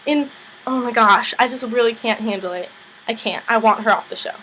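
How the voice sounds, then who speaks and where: A fairly high-voiced young woman chats her way through a TV recap, peppering every sentence with "like" and slipping into the characters' lines. Her talk is loose and unscripted, as if she were telling a friend. A faint hiss sits under the voice. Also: fairly quick, bright, forceful tone, rough recording. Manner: chatty, lots of "like", acts out characters' lines in higher voices. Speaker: vlogger recapping a TV show. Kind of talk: casual recap chat.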